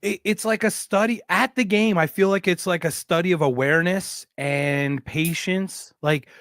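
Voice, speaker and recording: A man hosting a podcast, telling a funny story in a lively, joking, sometimes profane way. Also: sits high, normal speed, no echo. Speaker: podcast host. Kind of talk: casual storytelling chat.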